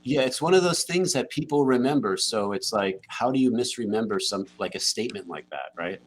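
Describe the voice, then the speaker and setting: A man's voice: on the low side, expressive, brisk. A man co-hosting a casual panel chat, musing expressively.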